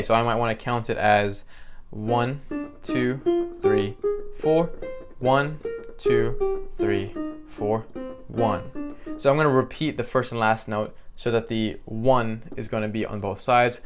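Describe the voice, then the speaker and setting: A man teaching piano in a relaxed, conversational way with frequent fillers, counting beats aloud. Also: mid-range voice, normal speed, hardly any pauses. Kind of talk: instructional tutorial. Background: piano playing between phrases.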